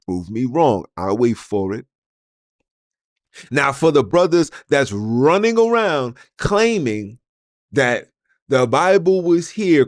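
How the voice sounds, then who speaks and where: A man's voice: fairly high pitch, no room sound, studio quality. A man hosting a podcast, delivering an argumentative monologue full of rhetorical questions that he puts straight to his listeners. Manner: addresses listeners directly. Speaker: podcast host.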